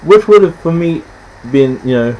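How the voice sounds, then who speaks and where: A man in casual film chat, rambling and halting, often stopping to restart, acting out scenes in quick quoted voices. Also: fairly high pitch, animated, dull audio, a little hiss or hum. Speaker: podcast host.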